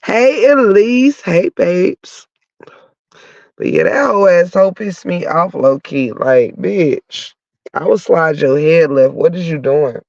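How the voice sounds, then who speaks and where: High-pitched guy with a stuffy cold, cussing rant, dull lo-fi dry mic. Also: measured pace, gravelly, no room sound. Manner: blunt, cursing, heated storytelling. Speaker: podcast host. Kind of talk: profane comic rant.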